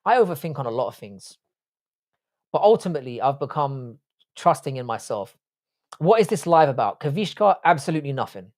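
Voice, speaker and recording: A man's voice: mid-range voice, very animated, fairly quick, a little mellow. A young English man with an English accent, hosting a livestream and chatting bluntly with swearing while reading viewer comments. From England. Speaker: livestream host.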